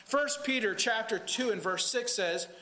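A man's voice: sits high, measured pace, sharp tone, reverberant, slight background noise, poor audio. A man preaching a sermon as pastor of a church, with an emphatic delivery that rises and falls.

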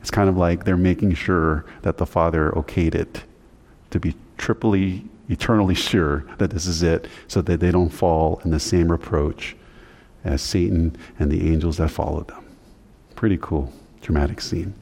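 A man preaching a teaching sermon in a low voice, chatty and explanatory, his pitch rising sharply whenever he drives a point home. The room rings with a long hall echo behind him. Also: steady tone, normal speed, a little mellow. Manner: conversational teaching, voice climbing in pitch when emphatic. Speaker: pastor.

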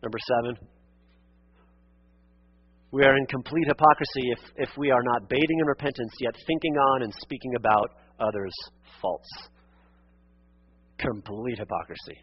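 A man preaching a sermon as pastor, earnest and exhorting, calling listeners friend and beloved, rising to emphatic peaks and dropping to quiet asides. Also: medium pitch, moderate pace, long pauses, slightly rough, highs cut off. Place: church sanctuary.

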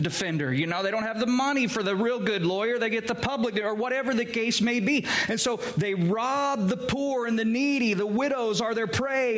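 A male pastor preaching with a high voice. He talks slowly and earnestly, throws rhetorical questions at his congregation and leans on phrases for emphasis. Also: a bit bright. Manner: earnest, addresses listeners as guys, asks rhetorical questions. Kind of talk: sermon.

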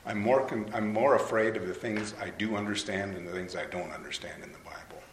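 A man's voice: on the low side, a little fast, creaky. A man preaching a sermon to a live audience in a conversational way, asking them questions. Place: hall with an audience. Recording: roomy hall, faint noise.

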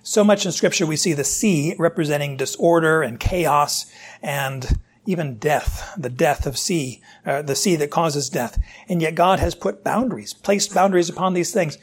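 A man's voice: a little high, moderate pace, breathy edge. A man preaching a sermon, asking rhetorical questions and voicing God's challenges to his listeners. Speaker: pastor.

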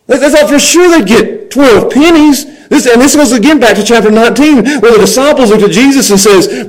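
A man's voice: very high-pitched, brisk, few pauses, poor audio. A middle-aged man preaching a sermon, acting out people's complaints in grumbling voices and chuckling as he goes.

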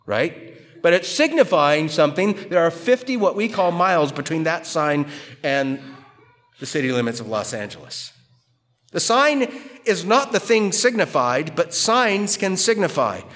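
Slow emphatic American preacher in a hall. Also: male voice, sits high, fairly bright tone. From United States. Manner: slow, emphatic, repeats words for stress. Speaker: pastor. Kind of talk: expository sermon. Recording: long hall reverb.

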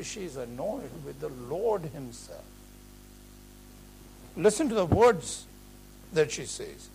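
Man, preacher, gravelly, slightly high voice, earnest, emphatic, faint hum. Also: low-quality recording. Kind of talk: expository sermon.

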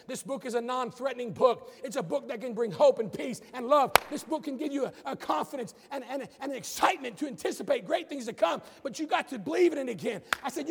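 A man preaching a sermon as a pastor, building from calm teaching to emphatic, shouted declarations. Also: very high-pitched, fast talker, creaky, few pauses, slightly rough, big-room sound. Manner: preaching with rising emphatic outbursts.

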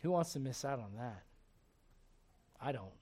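A man preaching a sermon as pastor, animated and joking, acting out everyday voices. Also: medium pitch, normal speed, breathy edge.

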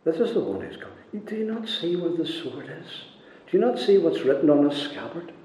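A man preaching a sermon with a preaching cadence, moving between hushed passages and loud ones. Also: on the high side, lively intonation, a little fast. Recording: echoey hall with long reverb.

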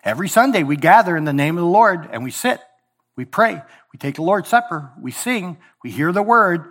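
A man's voice: sits high, animated, fairly quick. Impassioned male pastor preaching a sermon. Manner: impassioned preaching, voicing God's words in quotes, swinging from loud to hushed. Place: church sanctuary.

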